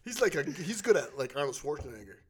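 A man's voice: a little high, big pitch swings, quick pace, slightly rough. A man joking and bantering on air, laughing and jumping into impressions. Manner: loud, laughing, jumps into impressions.

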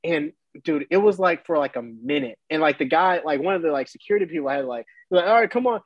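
A young man in his twenties, a baseball player guest telling a story in casual chat, animated and laughing often. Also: fairly high pitch, fairly quick, dry recording, muffled recording.

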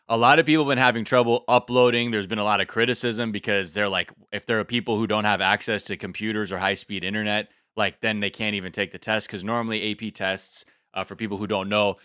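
A man's voice: fairly low pitch, bright, forceful tone, clean tone, dry recording, clean studio sound. A man in his thirties co-hosting a podcast, explaining a news trend in a rambling, conversational way. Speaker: podcast co-host. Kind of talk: casual podcast chat.

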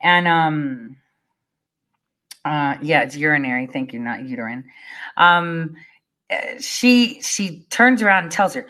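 Blunt, animated woman vlogger. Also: low voice, measured pace, pauses often. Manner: animated, blunt, swears freely; conversational, many fillers like "you know" and "like". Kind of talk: casual storytelling to viewers.

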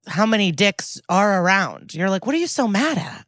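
A woman co-hosting a podcast, chatting casually with enthusiastic, quick reactions. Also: mid-range voice, big pitch swings, dry recording, studio quality. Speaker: podcast co-host. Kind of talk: casual chat.

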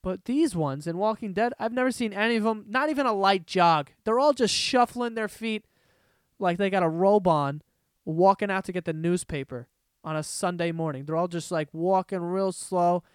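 Male podcast host, solo chat, profane rambling rants, higher voice, dry close sound. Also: normal speed, clear, resonant tone, no echo. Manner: profane, rambling, animated ranting. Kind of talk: casual solo podcast monologue. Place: room at home.

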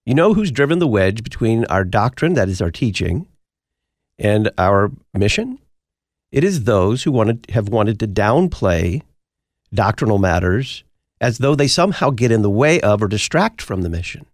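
Male talk radio host: emphatic, preacherly, lively pitch, dry close mic. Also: moderate pace, no room sound.

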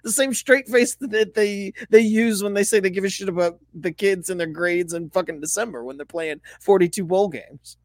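A man's voice: high-pitched, moderate pace, hardly any pauses, dry recording. A man co-hosting a casual sports podcast, swearing freely, laughing often and acting out officials in mock quotes. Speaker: podcast co-host.

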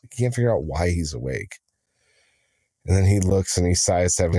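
A man co-hosting a podcast in casual chat, telling drawn-out joking stories with lots of fillers. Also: low voice, expressive, mellow, no room sound. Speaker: podcast co-host.

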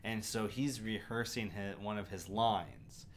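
A man co-hosting a casual movie podcast, measured and fact-checking, with frequent ums and restarts. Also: lowish voice, a little hiss or hum. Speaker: podcast co-host. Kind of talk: casual movie review chat.

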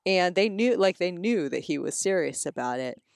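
A woman in her thirties chatting casually about parenting, telling lively stories and acting out her kids' voices. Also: lowish voice, moderate pace, vocal fry, no room sound, studio quality. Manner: animated storyteller, acts out kids' voices. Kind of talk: casual chat.

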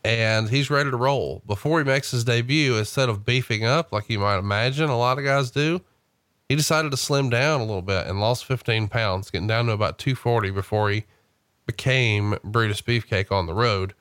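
A man's voice: medium pitch, moderate pace, a bit bright, no room sound. A man hosting a podcast, telling stories in a casual, chatty way and prompting his guest. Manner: chatty storyteller who reads out quotes. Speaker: host.

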